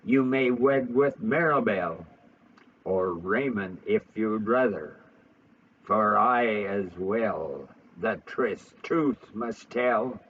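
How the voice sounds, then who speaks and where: A man's voice: mid-range voice, highs cut off, slight background noise. A man voicing a haughty, stately old French noblewoman mother, speaking sedately.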